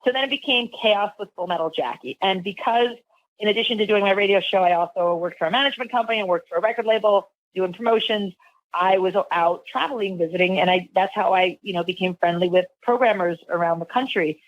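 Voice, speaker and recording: A woman's voice: medium pitch, fast talker, no echo. Rambling woman telling stories, dry and dull. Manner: rambling, lots of fillers and restarts. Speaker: radio host and guest. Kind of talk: casual interview storytelling.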